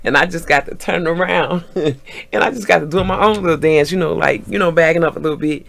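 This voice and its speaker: A middle-aged woman, telling a story in an animated vlog storytime, acting out what people said and laughing often. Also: deep voice, fast, creaky. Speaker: vlogger.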